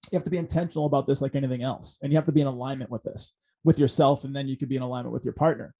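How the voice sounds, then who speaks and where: A man's voice: on the high side, racing, mellow. A man hosting a podcast, talking in an earnest, reflective way with many fillers and restarts. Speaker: podcast host. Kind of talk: casual podcast conversation.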